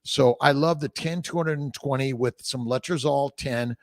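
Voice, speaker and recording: Gravelly, blunt male doctor on a livestream. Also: mid-range voice, moderate pace, no echo, studio quality. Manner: blunt and profane, jumping between topics; reads out viewer comments and answers them. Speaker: fertility doctor answering viewer questions. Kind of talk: casual livestream Q&A.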